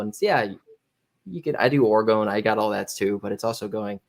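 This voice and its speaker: A man's voice: lowish voice, animated, fast talker. A man, a personal trainer, talking in a casual podcast chat, rambling and acting out what his clients say. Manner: rambling, restarts often, acts out quoted clients.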